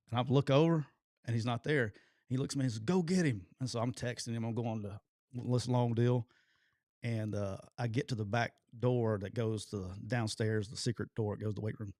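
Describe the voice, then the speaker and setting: Animated man telling a coaching story. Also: mid-range voice, brisk, no echo, clean studio sound. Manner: animated storyteller, acts out quotes loudly, laughs often. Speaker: podcast co-host, former football coach. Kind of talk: casual storytelling chat.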